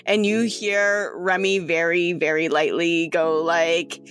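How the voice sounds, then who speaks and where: A woman's voice: lowish voice, steady tone, slow pace, music in the background. A woman narrating as game master of a tabletop game, giggly and conversational.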